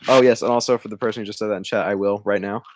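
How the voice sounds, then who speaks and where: A man's voice: fairly low pitch, steady tone, racing, background noise. A young man co-hosting a livestream, telling a rambling story while he draws, often cutting himself off and laughing. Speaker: livestream co-host drawing. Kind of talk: casual storytelling.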